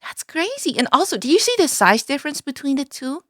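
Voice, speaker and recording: A woman's voice: high-pitched, very animated, brisk, fairly bright tone, no room sound, clean studio sound. A woman streamer chatting casually as she reacts to a video, giggling, exclaiming and apologizing often.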